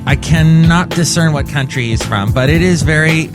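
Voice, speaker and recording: A man's voice: a little high, normal speed, over music. A man hosting his own comedy podcast, rambling and jokey in a chatty monologue. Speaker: podcast host.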